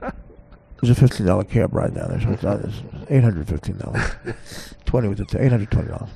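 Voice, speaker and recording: A man's voice: fairly low pitch, animated, quick pace, creaky, dark tone, slightly rough. A podcast host telling a comic story in a rambling way, often laughing at his own tale.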